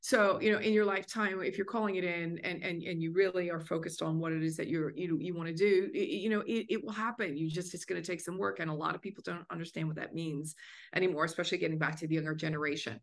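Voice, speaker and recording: A woman's voice: fairly low pitch, steady tone, fast. A woman being interviewed as an author, upbeat and encouraging, talking in a loose casual way. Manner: upbeat and encouraging, many fillers. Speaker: guest, author.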